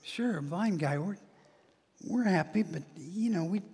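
A man's voice: sits high, animated, unhurried, darkish tone, breathy edge, in a large hall, full character voice. A man putting on the voices of doubtful male neighbors, who speak hesitantly and mumble through many fillers.

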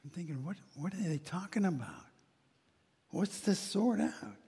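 A man performing a first-person monologue as a formerly blind male beggar, eager and joyful, who talks haltingly and restarts and repeats words between excited exclamations. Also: high voice, breathy edge, big-room sound, heavily acted.

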